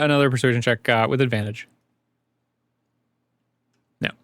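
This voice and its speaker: A man's voice: mid-range voice, steady tone, moderate pace, a bit bright, no echo. Casual male game master. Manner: casual, laughing, filler-heavy. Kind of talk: narrating a tabletop game.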